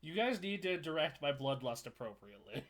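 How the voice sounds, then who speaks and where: A man co-hosting a casual gaming podcast, telling stories with animated energy, laughing and swearing freely. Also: fairly high pitch, fairly quick. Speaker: podcast co-host and streamer.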